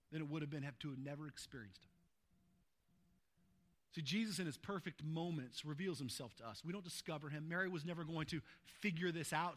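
A male pastor with a fairly high voice preaches a sermon, moving between hushed, slow lines and loud, fervent passages.

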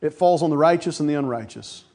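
A man's voice: a little high, fast, darkish tone. A man preaching a sermon to his church, folksy, calling the congregation folks and asking for amens. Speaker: pastor.

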